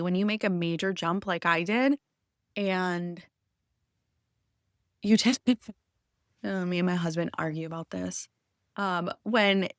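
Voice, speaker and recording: A woman's voice: medium pitch, fairly bright tone, no room sound. A woman in her thirties hosting an unscripted personal podcast, talking in an open, heartfelt and rambling way, close to tears. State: emotional, near tears. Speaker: podcast host.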